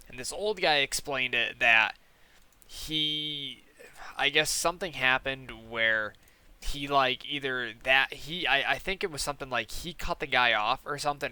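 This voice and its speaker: A young man and gaming channel host telling a story in casual, animated, profane style, full of fillers and quoted lines. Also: medium pitch, smooth.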